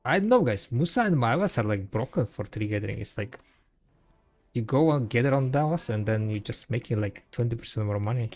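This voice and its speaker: Laid-back gravelly man streaming a game. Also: mid-range voice, expressive, brisk, a little mellow, soft background music. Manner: rambling and laid-back, heavy with fillers and restarts. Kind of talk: casual gaming stream chat.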